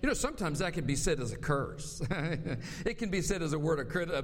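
High-voiced preacher with faint Southern accent. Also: male voice, very animated, big-room sound, a little hiss or hum. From North Carolina. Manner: measured preaching, stretches key words for emphasis. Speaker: pastor. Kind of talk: sermon.

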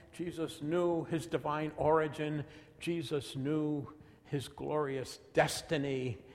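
A man preaching a sermon, reading scripture dramatically and dropping to a hush at moments. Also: mid-range voice. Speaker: pastor. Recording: long reverb of a large hall.

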